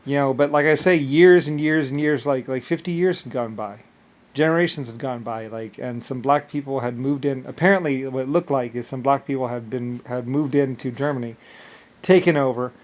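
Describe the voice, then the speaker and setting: A man with an ordinary mid-pitched voice talks straight through a loose, rambling monologue. He keeps stalling on repeated words and restarting his sentences, padded with fillers. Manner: repetitive, stammering restarts; loose filler-heavy speech. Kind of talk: rambling first-person monologue.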